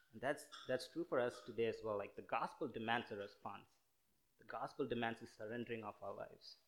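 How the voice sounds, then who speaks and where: A young man from India, preaching a casual, earnest sermon full of fillers and restarts. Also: mid-range voice. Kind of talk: conversational sermon.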